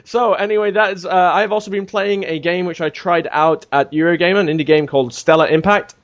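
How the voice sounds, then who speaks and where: A man telling a gaming story on a casual podcast, animated and swearing freely. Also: high voice, fairly quick. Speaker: podcast regular.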